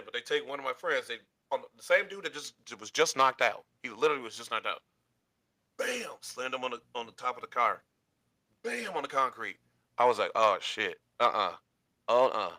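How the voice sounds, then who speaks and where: A man telling a long personal story in casual chat, animated and acting out the quotes with laughs. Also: medium pitch, fast, no echo.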